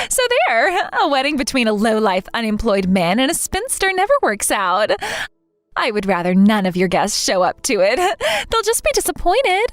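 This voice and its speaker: A woman's voice: on the high side, dry recording. A woman voicing a spiteful younger sister in a text-message story, talking down to others in a sneering, condescending way. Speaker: wedding guest refusing to attend.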